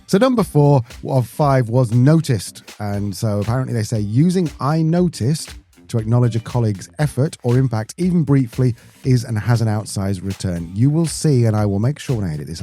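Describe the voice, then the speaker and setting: A man's voice: mid-range voice, expressive, moderate pace, mellow, faint music behind. A man co-hosting a podcast in a chatty, joking way, often breaking off and restarting his sentences. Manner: chatty, jokey, self-interrupting. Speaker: podcast co-host. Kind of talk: casual podcast chat.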